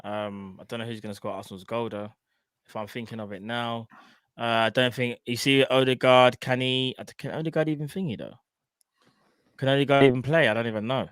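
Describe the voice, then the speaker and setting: A man, co-hosting a casual football chat over a video call, animated and slangy. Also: medium pitch, a little fast, clean tone, no room sound. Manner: animated, slangy, repeats himself. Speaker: podcast co-host.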